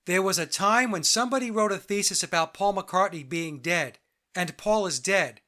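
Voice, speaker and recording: A man with a fairly high, bright, forceful voice hosts a commentary show. He reads his script in a measured, deliberate way. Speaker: podcast host.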